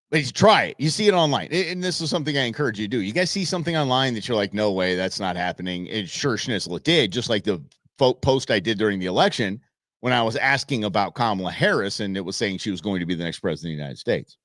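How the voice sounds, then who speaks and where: A man's voice: mid-range voice, fairly bright tone, no echo, clean studio sound. A man hosting a live commentary show, talking in a rambling, chatty way with many restarts. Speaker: talk show host.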